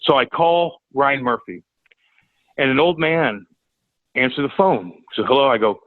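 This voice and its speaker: A man telling a profane, animated story as a podcast guest. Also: medium pitch, moderate pace, pauses often, dry recording, phone-quality sound. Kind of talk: casual storytelling.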